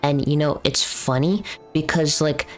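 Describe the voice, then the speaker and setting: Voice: medium pitch, steady tone, measured pace, soft background music. A young adult streamer chatting casually while gaming, telling a story in blunt, profane language that turns into heated ranting.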